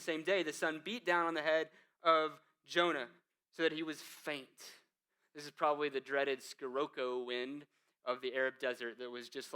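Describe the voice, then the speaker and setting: A male pastor with a bright, forceful edge and a smooth, crisp voice. He preaches casually, tossing in asides to the congregation. His delivery moves between hushed, low passages and emphatic peaks. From United States. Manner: conversational preaching with asides, "man" and "right?". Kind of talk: sermon.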